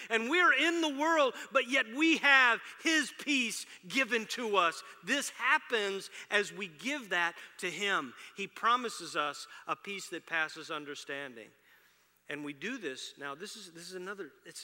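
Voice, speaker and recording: Middle-aged preacher, man, higher voice, conversational delivery that swells loud then drops soft. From Houston, Texas area. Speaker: pastor. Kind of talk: sermon. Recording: long reverb of a large hall.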